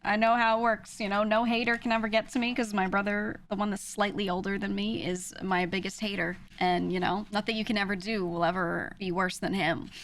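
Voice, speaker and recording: A woman streamer in casual chat, telling animated stories with frequent laughs and lots of filler words. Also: mid-range voice, fairly quick. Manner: animated storytelling, laughs often; chatty, many "like" fillers.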